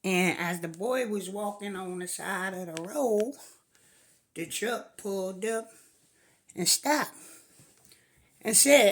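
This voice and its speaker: Slow, husky woman telling a comic tale. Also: medium pitch, expressive. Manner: drawling, folksy. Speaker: storyteller. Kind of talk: comedic storytelling.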